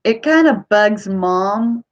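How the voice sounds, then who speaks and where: A woman's voice: mid-range voice, expressive, takes it slowly, muffled recording. A woman from Ohio with a Kentucky accent, chatting to camera in a rambling way as a vlogger. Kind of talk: casual chat to camera.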